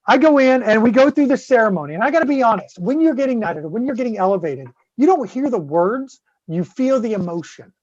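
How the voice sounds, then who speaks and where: A man guest-hosting a casual chat, telling a long story in a profane, animated way. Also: extremely high pitch, quick pace, hardly any pauses, no room sound, dull audio. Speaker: guest host.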